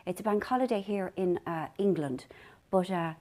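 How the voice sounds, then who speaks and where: Rambling Irish woman, mellow voice. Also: lowish voice, moderate pace. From Ireland. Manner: rambling, self-deprecating storytelling. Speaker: vlog host. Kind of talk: casual chat to camera.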